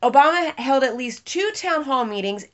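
A woman from the United States chatting casually, animated, laughing often and swearing freely. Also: sits high, moderate pace. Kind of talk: casual political chat. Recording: dull lo-fi recording.

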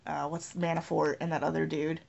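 A woman's voice: low-pitched, little pitch movement, a little fast, vocal fry, a little mellow. A woman chatting casually in a sardonic way, swearing and often trailing off mid-thought. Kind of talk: casual political chat. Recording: dull lo-fi recording.

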